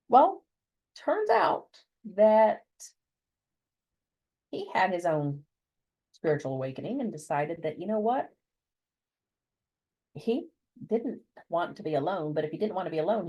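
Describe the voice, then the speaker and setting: Woman guest with a lowish, husky voice; expressive storyteller whose pitch swings widely, acts out quoted voices. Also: dull audio. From United States. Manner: animated, acts out voices when quoting people. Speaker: interview guest. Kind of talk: personal storytelling.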